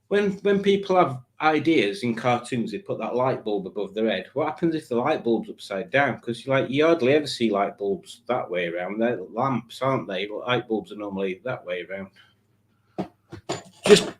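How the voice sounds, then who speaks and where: A man's voice: lowish voice, lively intonation, normal speed. A man hosting a live stream, chatting casually and rambling from one tangent to the next. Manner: rambling, playful, breaks into silly put-on voices.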